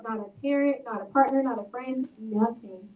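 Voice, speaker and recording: A woman's voice: on the high side, moderate pace. Earnest woman author, tinny and echoey. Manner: earnest, reflective storytelling. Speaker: author and guest speaker. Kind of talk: book talk discussion. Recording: tinny, echoey, far from mic.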